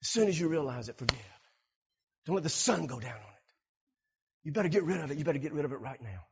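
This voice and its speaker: A man preaching a sermon, animated, acting out everyday scenes and repeating words for emphasis. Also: on the high side, fast talker, long pauses, breathy edge, highs cut off. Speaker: pastor.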